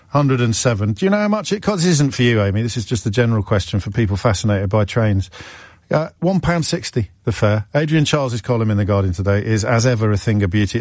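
A middle-aged man hosts a radio phone-in from a dry studio. His pitch swings about animatedly as he chats, and he is self-deprecating and stumbles over restarts. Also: dry recording. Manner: chatty, self-deprecating, lively, with stammering restarts. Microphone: studio microphone.

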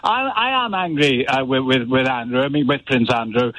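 A man in his seventies calling a radio phone-in, talking in a halting, emotional way and repeating his words. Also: mid-range voice, fairly bright tone, no room sound. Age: 70s. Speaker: caller. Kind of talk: phone-in call. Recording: muffled phone line.

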